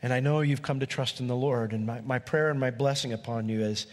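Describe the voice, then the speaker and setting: A man voicing a kindly, wealthy older landowner who speaks calmly and reassuringly, in a sermon retelling heard through a large hall's long reverb. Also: medium pitch, fairly quick, lightly acted.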